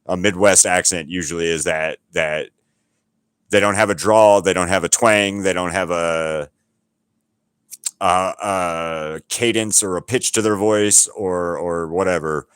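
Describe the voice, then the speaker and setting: A middle-aged man from Alabama with a very low, deep voice chats loosely with his livestream viewers. He rambles from thought to thought and swears without a second thought. The sound is close and dry. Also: fairly even intonation, unhurried, a bit bright, clean tone, dry recording. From Alabama, USA. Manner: rambling, swears freely, talks straight to chat. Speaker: painter talking to viewers on a livestream. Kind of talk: casual livestream chat.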